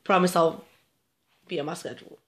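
A woman's voice: on the low side, fairly even intonation, a little fast, a bit bright. A young woman vlogger with a stuffed-up nose, chatting casually and giving advice straight to her viewers and often repeating herself. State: stuffed up, getting sick. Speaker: vlogger answering viewer questions.

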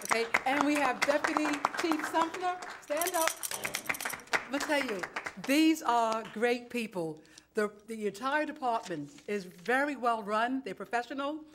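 In council chambers, a woman from New York tells an animated, dramatic story during public comment, voicing each side of the exchanges herself. She speaks high, expressively and without hurry, with background noise present.

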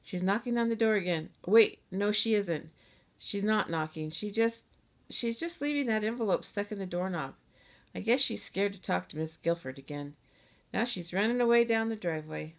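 A woman voicing an excitable young schoolgirl who chatters excitedly in a storybook reading. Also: mid-range voice, normal speed, creaky, close to an everyday voice.

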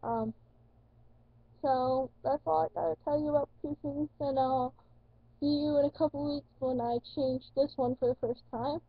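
A young woman, chatting casually in a vlog, rambling with lots of likes and ums and getting excitable. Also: sits high, moderate pace, dry recording, dull audio. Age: young adult. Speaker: vlogger. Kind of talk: casual chat.

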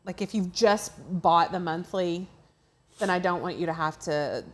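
A woman's voice: on the low side, normal speed. A woman who owns a craft shop, hosting a live training in a friendly, casual way and answering viewer questions.

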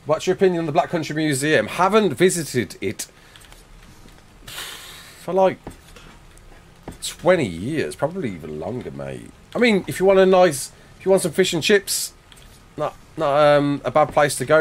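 A man's voice: fairly high pitch, big pitch swings, unhurried, long pauses. A young English man streaming a game live, chatting casually and reading viewer comments aloud as he answers them. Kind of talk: casual live-stream chat while gaming. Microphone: desk mic with face cam.

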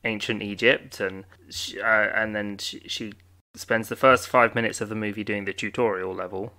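A man co-hosting a podcast, chatting casually with deadpan jokes and quiet laughs. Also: fairly low pitch, normal speed. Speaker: podcast co-host. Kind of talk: casual chat.

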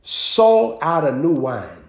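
A man preaching in a humorous, animated way, laughing often and making rhythmic sound effects. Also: a little high, takes it slowly, gravelly, roomy sound. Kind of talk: humorous live-streamed preaching.

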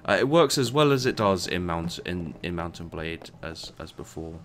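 A man's voice: low-pitched, lively intonation, moderate pace, a little hiss or hum. A man giving casual commentary while playing and reviewing a game, rambling and often tripping over and repeating his words. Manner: rambling, stumbles and repeats words, mutters asides.

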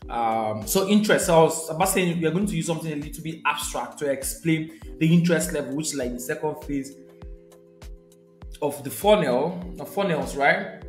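A man's voice: fairly high pitch, moderate pace, darkish tone, roomy sound, soft background music. A young man, teaching a live sales session in a conversational way, repeating his key points and checking in with viewers. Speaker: sales trainer.

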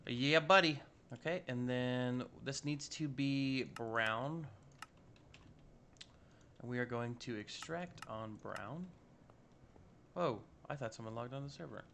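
Man, gravelly voice, chatty let's-play commentary, faint hiss and keyboard clicks. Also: medium pitch, slow, long pauses, fairly bright tone. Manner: chatty, upbeat, talks to himself while building. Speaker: Minecraft modpack let's-play host. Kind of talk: casual gameplay commentary.

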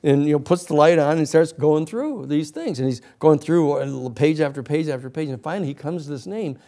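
A male lecturer spinning a long story for a class. His telling is rambling and animated, full of fillers and restarts. His voice sits fairly high for a man. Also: brisk.

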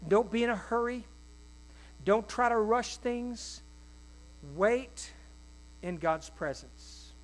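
A male pastor preaching a sermon in a folksy, animated way, with quick asides and acted-out quotes. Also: sits high, low-quality recording. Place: church.

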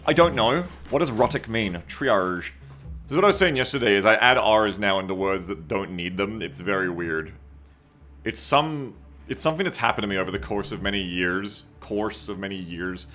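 A man chats his way through a live game stream, reading viewer comments aloud and second-guessing himself. His voice sits a little low but sounds bright and forward. Soft game music plays faintly behind him. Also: expressive, a little fast. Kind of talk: casual live-stream commentary while gaming.

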